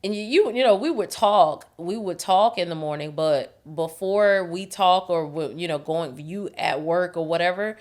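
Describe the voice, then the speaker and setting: A woman co-hosting a relaxed conversation podcast on marriage and faith. Her voice sits on the low side for a woman, and she tells stories in an animated way, breaking into laughter often. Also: moderate pace, hardly any pauses. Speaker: podcast co-host. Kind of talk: casual chat about marriage and faith.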